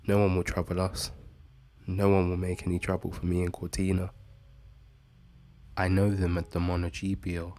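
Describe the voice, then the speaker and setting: A man's voice: sits low, a little mellow. A man voicing an old, drunk, boastful male fishing guide who talks in an eager, rambling, reassuring way.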